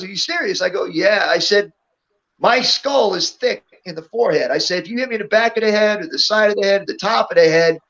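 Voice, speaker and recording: A man's voice: high-pitched, a bit bright, highs cut off. A middle-aged man, a guest on an interview show, telling stories in a casual way and often laughing as he goes. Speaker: interview guest, former wrestler. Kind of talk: casual storytelling.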